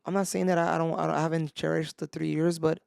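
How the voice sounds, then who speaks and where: Gravelly-voiced young man chatting casually. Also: a little high, little pitch movement, quick pace, darkish tone, dry recording, clean studio sound. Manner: laid-back, peppers talk with "bro" and "dude". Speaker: podcast co-host. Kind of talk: casual chat.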